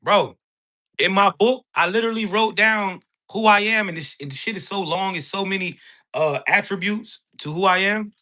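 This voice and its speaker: On his motivational livestream, this male host has a high, sharp voice and talks at a normal speed. His delivery is blunt and full of street slang and profanity, and he tags "right?" onto his lines again and again.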